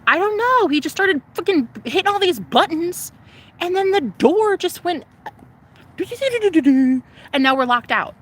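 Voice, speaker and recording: A woman voicing a flustered young woman who sounds breathless and talks fast over herself. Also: very high-pitched, expressive, pitched above the performer's own voice, full character voice.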